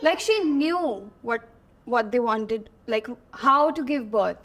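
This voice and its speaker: A woman's voice: fairly high pitch, slow. Stell dir eine junge Frau aus Indien mit hoher, heller Stimme vor. Sie spricht Englisch mit indischem Akzent und erzählt voller Energie als Gast im Interview, lacht oft und mischt Hindi ein. Man hört eine persönliche, lebendige Erzählerin. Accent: Indian English. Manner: animated, laughing often, mixing Hindi and English. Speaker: guest. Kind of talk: storytelling in an interview.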